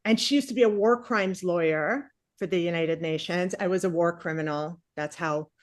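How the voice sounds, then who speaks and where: A woman doing a stand-up comedy set on stage, chatty and self-mocking with animated asides. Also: lowish voice, normal speed, dry recording, studio quality. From Palestinian family. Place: comedy stage before a live audience.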